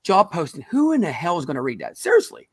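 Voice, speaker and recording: An energetic man chats about recruiting on a video call, rattling along at a quick clip. He leans hard on his points and sounds excited, with a dry, close sound. Casual and emphatic throughout. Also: on the high side, slightly rough, dry recording. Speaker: recruiting show host. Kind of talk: casual chat.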